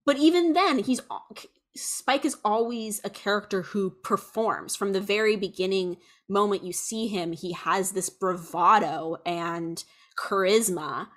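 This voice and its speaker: A woman's voice: medium pitch, unhurried. Rambling young woman podcast host. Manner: rambling, animated, many fillers. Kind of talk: casual chat.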